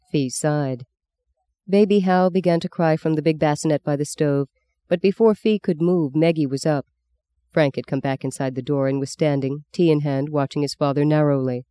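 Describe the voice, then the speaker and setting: A man reading a novel aloud as an audiobook narrator, in a measured, even storytelling manner on a close microphone. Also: fairly high pitch, clean tone, no room sound.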